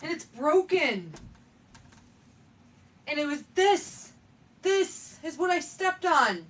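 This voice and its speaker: A woman's voice: high-pitched, big pitch swings, slow pace, a bit bright. A young woman livestreaming casually to her viewers, shaky and in pain, laughing nervously and swearing through it. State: trembling, in pain.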